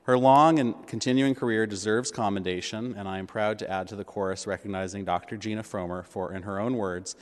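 A man's voice: on the low side, fairly even intonation, fairly quick, hardly any pauses. A man presiding over a government board meeting, reading a formal commendation from prepared remarks. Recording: long reverb of a meeting chamber.

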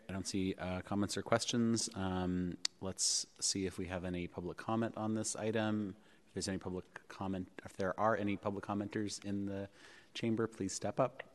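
A man chairing a public board meeting in a city hall chamber, measured and pausing often with ums and uhs. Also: sits low, fairly even intonation. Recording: long reverb of a large chamber.

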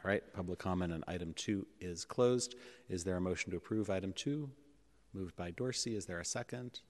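A man's voice: low-pitched, a little fast. A man chairing a public board meeting in a city hall chamber, running procedure with frequent ums and uhs. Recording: echoey chamber with long reverb.

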